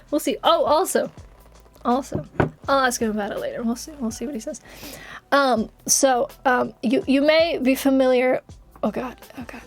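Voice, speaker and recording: A woman streamer in casual livestream chat, rambling and giggly, swearing casually as she talks. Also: sits high.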